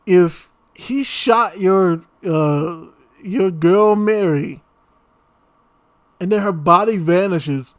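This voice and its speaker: A man hosting a horror reaction video, ranting in an exasperated, casual way about the characters' poor choices. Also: sits high.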